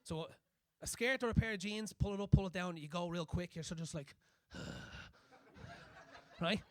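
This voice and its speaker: A young man doing a crude, animated stand-up comedy set on a club stage, acting out scenes as he goes. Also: high voice, normal speed, no room sound.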